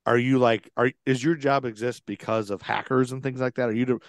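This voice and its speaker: A man's voice: mid-range voice, steady tone, a little fast, dry recording. Podcast host guy, chatty, lots of questions, dry close sound. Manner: chatty questioner, laughs often. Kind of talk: casual interview chat.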